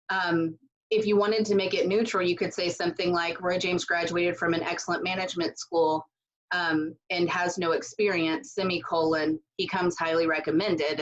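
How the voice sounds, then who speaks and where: Woman writing instructor, loose chatty delivery full of fillers, somewhat low voice, muffled home recording. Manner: loose and conversational, with many fillers and asides. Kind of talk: casual recorded lecture.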